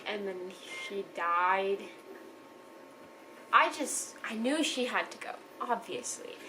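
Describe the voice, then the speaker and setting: A woman's voice: medium pitch, animated, slow, background noise. Chatty young woman gushing over a book. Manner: chatty, gushing, trailing off and restarting. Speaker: book reviewer. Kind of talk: casual book review vlog.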